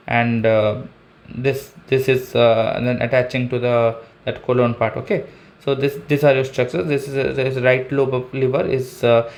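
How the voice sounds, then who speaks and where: A man with an Indian English accent giving an online anatomy lecture, explaining step by step, saying "okay" often and pointing at a diagram. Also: mid-range voice. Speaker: anatomy teacher.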